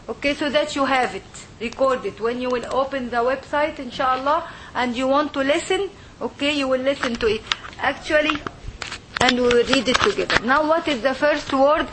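A woman's voice: high voice, a bit bright, a little hiss or hum. A woman teacher leading a classroom lesson, patiently modelling sounds and checking in with "okay?". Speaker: language teacher. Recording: classroom with group of students.

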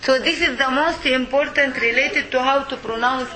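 A woman with a somewhat high voice leads a lesson in a mosque. She is patient and repetitive, modeling each sound slowly for her students. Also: sharp tone, a little hiss or hum, low-quality recording. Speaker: Arabic teacher. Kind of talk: classroom lesson.

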